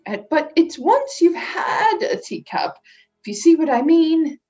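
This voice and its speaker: A woman's voice: high-pitched, big pitch swings, unhurried, darkish tone, highs cut off, soft background music. A woman doing a fretful, tearful little mother. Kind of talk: storybook read-aloud.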